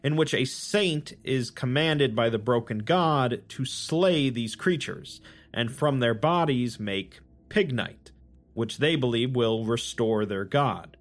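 A man giving calm, deliberate scripted narration, explaining lore. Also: medium pitch.

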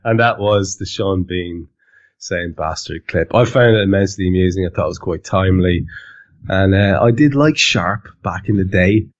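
A man's voice: low voice, moderate pace. A man hosting a football podcast in a rambling, casual way with plenty of hesitations. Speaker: podcast host. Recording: dull lo-fi recording.

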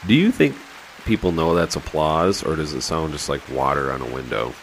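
A man in his thirties co-hosts a podcast in loose, sarcastic banter. His voice sits deep and swings up and down a lot as he jokes. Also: expressive, moderate pace, slight background noise. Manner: joking, sarcastic, laughs often. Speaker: podcast co-host. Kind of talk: casual chat.

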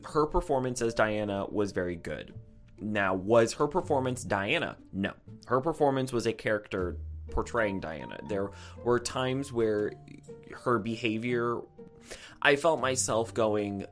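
A man giving an opinionated, casual film review, often restarting and repeating words as he thinks aloud. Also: fairly low pitch.

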